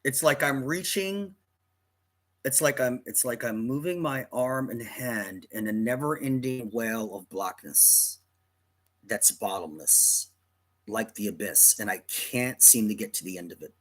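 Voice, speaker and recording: A man's voice: medium pitch, measured pace. A man telling a personal story in a rambling, dramatic way, often correcting himself mid-sentence.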